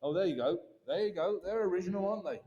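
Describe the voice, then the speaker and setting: A man's voice: high-pitched, animated, fast, dark tone, muffled recording. A man calling bids at an auction, with chatty patter between prices. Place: large auction hall. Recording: distant reverberant hall, faint noise.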